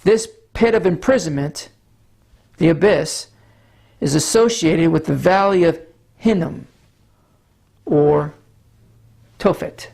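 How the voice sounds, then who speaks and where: A pastor giving a Bible teaching sermon, hoarse from allergies, with a scratchy voice, clearing his throat and stumbling over names now and then. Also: fairly high pitch, a little mellow. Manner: measured Bible teaching with frequent small stumbles.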